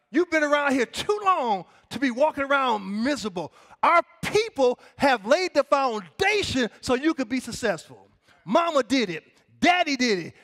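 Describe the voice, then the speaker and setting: A man's voice: very high voice, fairly bright tone. A middle-aged man preaching a sermon as pastor, calling for the congregation to repeat after him, his cadence rising and dropping.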